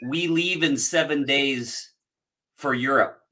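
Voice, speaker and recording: A man who drops into a video call out of breath, friendly and a little hurried. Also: mid-range voice, pushed and bright. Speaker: guest's husband. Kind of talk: casual chat on a video call.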